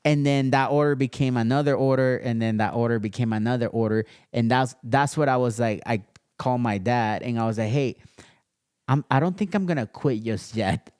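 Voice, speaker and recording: A man guest on a casual podcast, telling his story in a relaxed way with many fillers and restarts, recorded at his home studio. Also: mid-range voice, moderate pace, smooth, no room sound. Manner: laid-back, storytelling with lots of fillers and restarts. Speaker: podcast guest, custom sneaker entrepreneur.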